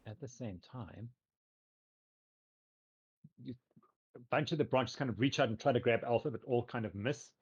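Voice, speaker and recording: A man's voice: mid-range voice, normal speed, long pauses, breathy edge. A man running a tabletop game as game master, describing scenes loosely with many fillers and hedges. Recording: dull lo-fi recording.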